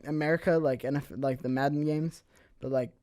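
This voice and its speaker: Ranting man with a slightly high voice. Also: a little fast, dry recording. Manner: animated ranting, swears often. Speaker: podcast co-host. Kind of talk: casual chat.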